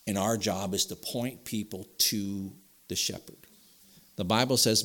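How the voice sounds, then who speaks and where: Nasal man preaching a sermon, lowish voice. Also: steady tone, measured pace. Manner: emphatic preaching, louder and higher on scripture quotes. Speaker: pastor.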